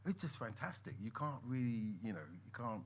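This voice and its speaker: A man as a guest on a live podcast, telling lively stories and laughing often. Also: mid-range voice, a little fast. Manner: animated storyteller, laughs often, lively swings in loudness. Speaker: guest musician and actor. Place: members' club room with a live audience.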